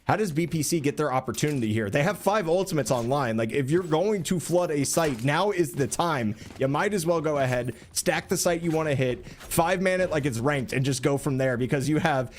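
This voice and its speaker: A man casting an esports match, explaining plays analytically and getting excited during fights. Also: fairly high pitch, a little fast, few pauses, a little hiss or hum. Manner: analytical, asks rhetorical questions, rises excitedly during action. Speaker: esports caster. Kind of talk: play-by-play commentary.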